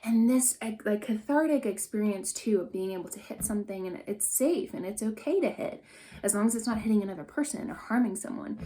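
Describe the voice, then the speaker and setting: A young adult woman leads a mindful parenting workshop in an earnest, encouraging voice of middle pitch. She explains calming exercises step by step and shows them as she goes. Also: a little fast. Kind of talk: instructional workshop talk.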